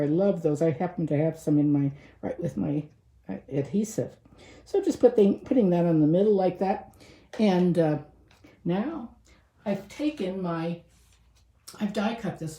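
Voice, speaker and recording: A woman's voice: on the low side, mellow. A woman demonstrating card-making at her craft table, chatting and thinking aloud with fillers as she works. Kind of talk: casual crafting tutorial. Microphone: camera mic set above the work table. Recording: roomy sound with the mic some distance away.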